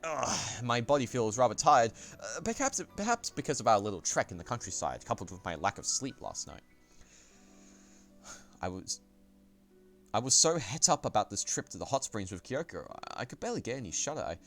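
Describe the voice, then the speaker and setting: On his stream, a man narrates a visual novel in the first person, reading it aloud in a gentle, unhurried, sing-song way at a medium pitch. Faint music plays behind him.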